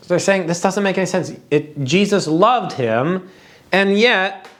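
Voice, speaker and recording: A man giving an earnest expository Bible teaching, reflective, with slow emphatic pauses and some repeated words. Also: a little high.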